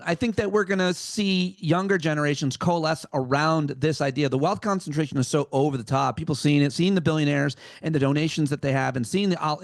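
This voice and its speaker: Man, comedian guest, earnest, opinionated, halting. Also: on the high side, no room sound, studio quality. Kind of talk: casual opinion talk.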